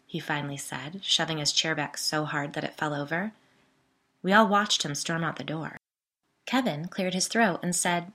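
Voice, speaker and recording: A woman telling her own story in a conversational, wry manner. Her voice sits a little low but sounds bright and crisp, with easy, self-aware asides. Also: moderate pace. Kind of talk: first-person story narration.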